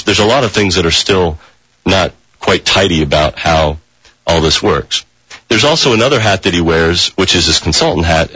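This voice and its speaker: A man speaking as a reporter guest in a radio interview, halting with many fillers and restarts, on a dull lo-fi broadcast. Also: sits low, pushed and bright, breathy edge, no room sound.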